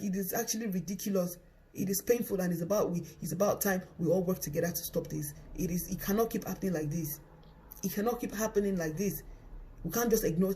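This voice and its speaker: A man with a high, mellow voice delivers a fast, impassioned spoken appeal as a worried parent. He pleads urgently and circles back to the same phrases again and again to drive each point home. The tone stays earnest and pressing throughout.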